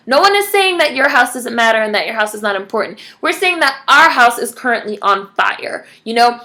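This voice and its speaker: Woman, vlogger, fairly high voice, impassioned, emphatic, direct address to viewers. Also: animated, brisk, few pauses, bright, forceful tone. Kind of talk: direct-to-camera commentary.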